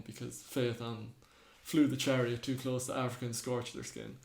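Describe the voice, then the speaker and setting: This podcast co-host speaks briskly, with hardly any pauses, in a steady, medium-pitched, darkish voice. He's chatting casually, retelling myths and voicing the characters, and the room gives a noticeable echo.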